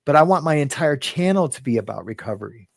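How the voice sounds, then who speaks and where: A man's voice: on the high side, lively intonation, quick pace, gravelly, dry recording, clean studio sound. A man hosting a casual live stream, rambling, laughing often and greeting viewers in the chat by name. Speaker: livestream host.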